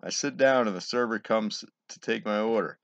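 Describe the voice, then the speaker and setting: A man's voice: on the low side, normal speed, gravelly, a bit bright, smooth, no echo. A man casually reading jokes aloud, giggling and swearing between them. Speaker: joke reader. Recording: dull, lo-fi home recording.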